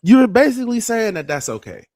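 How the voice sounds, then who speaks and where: A man's voice: high voice, very animated, fairly quick, darkish tone, no room sound. A man hosting a casual commentary show, talking conversationally with lots of fillers and emphatic points. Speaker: podcast host.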